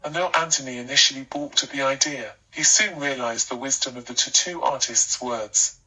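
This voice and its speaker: A man narrating a scripted life story with a steady, even storytelling delivery. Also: medium pitch, moderate pace, slightly rough, recorded from a distance, rough recording.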